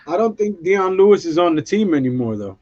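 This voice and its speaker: A man's voice: high-pitched, big pitch swings, a little fast, a little mellow, no echo. A man hosting a live call-in sports stream in an easygoing, casual way, thanking viewers as they join. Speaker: sports show host. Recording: dull lo-fi audio.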